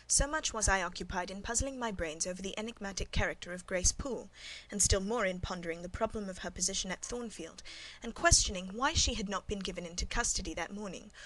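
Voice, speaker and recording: A woman reading a classic novel aloud as first-person scripted narration, measured and even. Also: medium pitch, poor audio. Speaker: audiobook narrator.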